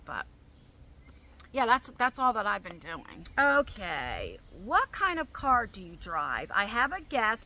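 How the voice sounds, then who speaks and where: A woman from New Jersey, US, speaks in a mid-range voice that sounds pushed and bright. At home, she's a vlogger answering viewer questions in a casual, rambling chat full of fillers.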